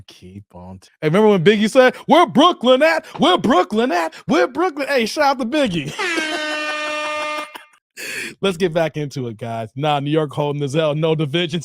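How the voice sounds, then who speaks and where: A man hosts a relaxed live reaction stream with a high voice. He jokes with the chat, laughs often and gives shout-outs by name. The sound is close and dry. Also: no echo. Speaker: reaction video host. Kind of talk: casual live-stream commentary.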